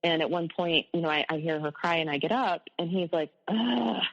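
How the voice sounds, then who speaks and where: A woman's voice: low-pitched, fairly even intonation, fast, long reverb tail, highs cut off. A woman, an abuse survivor, telling her story candidly in an interview, with rueful laughs at hard memories.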